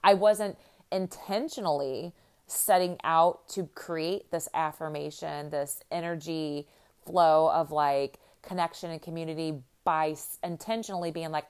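A woman's voice: sits low, steady tone, moderate pace, a little mellow, smooth. A middle-aged woman from the American Midwest, hosting and talking casually to her listeners as a life coach, in a chatty, upbeat way full of "like" and "you know.". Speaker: podcast host and life coach.

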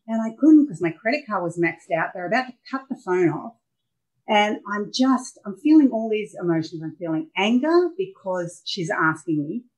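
A middle-aged Australian woman telling personal stories as a podcast guest, candid and animated as she acts out scenes. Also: on the low side, low-quality recording. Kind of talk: personal storytelling in a podcast interview.

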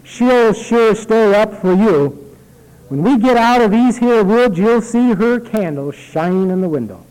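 A man preaching takes on the voice of a grown man calmly reassuring a frightened boy on a night ride. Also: sits high, unhurried, pitched above the performer's own voice, poor audio. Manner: soothing, homely.

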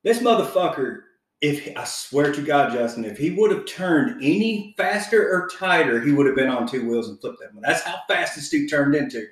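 In a very echoey room, well away from the mic, a podcast co-host tells a story during casual banter. His voice is a little high at a normal speed, and he's animated, swearing freely and laughing as he goes.

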